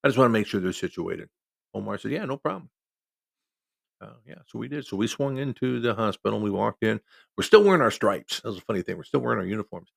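With a lowish, gravelly voice, lively intonation, and a quick pace, a middle-aged Iowa man who referees football tells a story in a folksy, conversational way. He voices the people he quotes himself, and the recording has no room sound.

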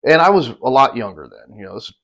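A man's voice: mid-range voice, sing-song, quick pace, fairly bright tone. A man co-hosting a podcast, telling a long hunting story in a casual, rambling, profane way and getting worked up when he quotes others. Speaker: podcast co-host. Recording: dull lo-fi podcast audio.

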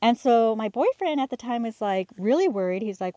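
A woman hosting a podcast, telling a personal story candidly, halting with fillers and restarts and acting out the dialogue. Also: a little high, lively intonation, dark tone, dry recording. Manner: acts out quoted dialogue. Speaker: podcast host.

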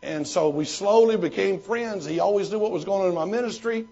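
Pastor type, male, slightly high gravelly voice, husky, homespun rambling delivery, dull recording. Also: brisk, mellow. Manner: folksy storytelling with frequent restarts. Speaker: pastor and former missionary. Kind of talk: question-and-answer talk.

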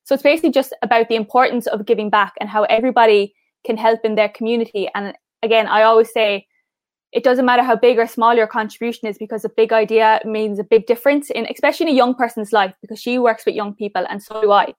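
A young woman from Cork with an Irish accent, chatting fast in an interview as a guest and often saying "like". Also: fairly high pitch, fairly even intonation, no room sound, studio quality. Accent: Irish, Cork mixed with Mayo. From Cork, Ireland. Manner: fast talker, says "like" often. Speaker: pageant finalist guest. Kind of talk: casual interview chat.

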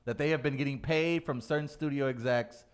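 A male podcast co-host who is excitable and trades quick banter. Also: medium pitch, clean tone. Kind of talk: casual chat.

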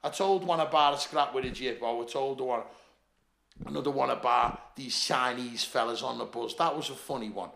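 Gravelly Liverpool man telling door stories. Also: mid-range voice, normal speed, reverberant. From Liverpool, England. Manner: swearing, animated, laughing while telling stories. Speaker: podcast guest, former doorman. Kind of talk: casual storytelling chat.

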